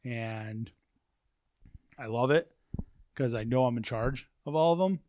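A man's voice: mid-range voice, a little slow, darkish tone. A man in casual podcast chat, telling rambling stories with lots of swearing and repeated "I'm like" lead-ins. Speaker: podcast guest, warehouse manager. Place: office at a work facility.

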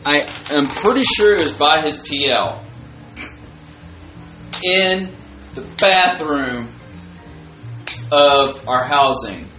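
A man's voice: a little high, expressive, slow pace, pauses often, pushed and bright. Blunt, profane young man chatting. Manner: blunt, profane, loose filler-heavy talk. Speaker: podcast co-host. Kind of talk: casual chat. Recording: echoey room with faint music.

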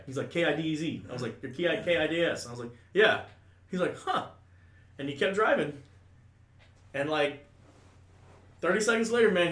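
A man's voice: fairly high pitch, a bit bright, recorded from a distance. A man telling a crude story in casual talk, rambling and full of asides. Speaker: storyteller guest. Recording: echoey room, a bit off-mic.

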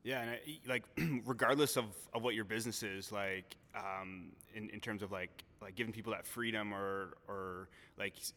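A man hosting an interview, speaking quietly and haltingly with many fillers. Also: lowish voice, fairly even intonation. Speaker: podcast host. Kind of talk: casual interview chat. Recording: echoey hall, off-mic.

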